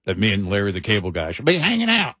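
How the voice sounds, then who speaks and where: A man from Texas co-hosting late-night talk radio in lively conversation. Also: fairly low pitch, fast talker, husky, no room sound, clean studio sound. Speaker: radio talk show co-host.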